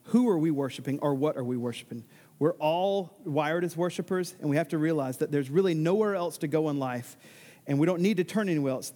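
A man's voice: fairly high pitch, darkish tone, long reverb tail. A male pastor preaching a sermon, emphatic and given to exclamations.

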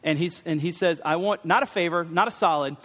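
A man preaching a sermon as pastor, animated, acting out the lines of the people in his text. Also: on the high side, a little fast, long reverb tail. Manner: animated, acts out Bible figures' lines.

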